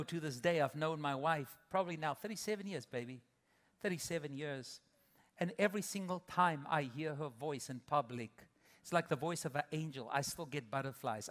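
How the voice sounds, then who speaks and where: High-voiced preaching man, hall reverb. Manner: preaching, swings from loud emphatic peaks to soft intimate asides. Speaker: pastor. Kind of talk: sermon. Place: large church auditorium.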